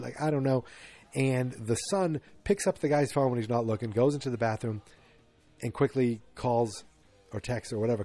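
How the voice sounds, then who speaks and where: A man's voice: mid-range voice, dark tone. A man hosting a podcast in a rambling, casual chat, full of fillers and restarts. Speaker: podcast host.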